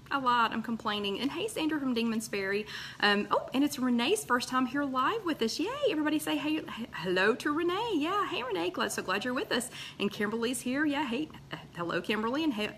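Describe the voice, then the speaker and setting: A woman's voice: mid-range voice, bright, forceful tone, a little hiss or hum. A woman hosting a casual live stream, chatting and greeting viewers by name with plenty of fillers. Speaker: host of a live weight-loss chat.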